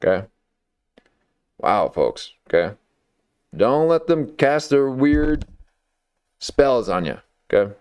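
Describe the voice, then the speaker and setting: A man's voice: medium pitch, big pitch swings, slow, pauses often, darkish tone, clear, resonant tone. A man hosting a late-night commentary stream, talking in a sarcastic, rambling way and often tacking on "okay" and "folks". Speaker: live stream host.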